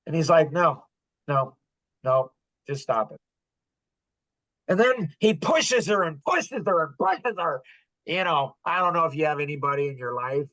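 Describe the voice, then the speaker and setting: An older man hosting a podcast, telling stories to a group in an animated way and acting out quotes with sudden loud bursts. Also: on the high side, moderate pace, poor audio. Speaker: podcast host. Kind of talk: storytelling to a live group.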